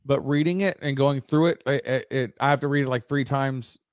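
A man's voice: medium pitch, fairly quick, dry recording, studio quality. A man co-hosting a podcast, talking bluntly with crude, sarcastic jokes. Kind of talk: casual podcast chat.

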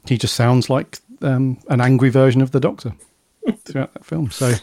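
A man's voice: medium pitch, normal speed, mellow, no echo, studio quality. A man hosting a casual podcast panel chat, talking loosely and drifting into tangents. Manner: chatty, rambling off on tangents. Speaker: podcast host.

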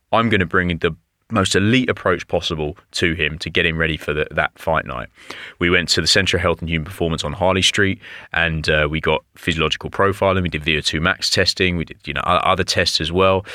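A man's voice: low-pitched, bright, forceful tone, dry recording, clean studio sound. A man, a boxing performance coach, telling a rambling anecdote in casual interview chat, often restarting his sentences.

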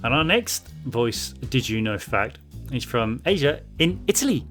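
Male podcast host, mid pitch, lively, teasing, faint music beneath. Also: a little slow. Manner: teasing, upbeat. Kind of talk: casual chat.

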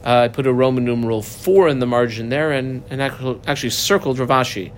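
A man's voice: mid-range voice, fast talker, a little hiss or hum. A man teaching a Talmud class, translating phrases and explaining them step by step in a casual way with many fillers.

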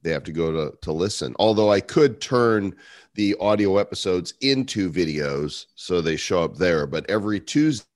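A man's voice: deep voice, moderate pace, no room sound, studio quality. A man hosting a podcast, joking casually and leading the conversation. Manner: joking, relaxed, leads the conversation. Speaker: podcast host.

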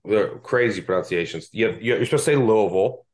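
A man's voice: lowish voice, animated, fast talker. A man with a Delco accent hosting a casual sports betting podcast, chatty and self-deprecating. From Delaware County, Pennsylvania. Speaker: podcast host.

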